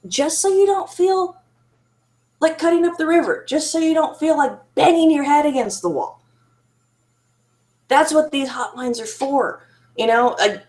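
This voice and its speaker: A woman speaking candidly to camera about her marriage and therapy, frank and self-critical, laughing now and then and restarting her sentences. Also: high voice. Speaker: survivor sharing her story. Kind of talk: candid personal monologue to camera.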